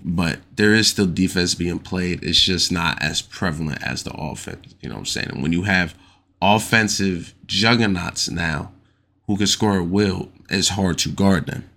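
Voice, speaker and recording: A man's voice: deep voice, moderate pace, vocal fry, sharp tone. A man hosting a casual solo podcast, talking loosely with lots of slang, repeating himself and getting worked up as he argues his points. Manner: loose and slangy, keeps asking "you know what I'm saying". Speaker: podcast host.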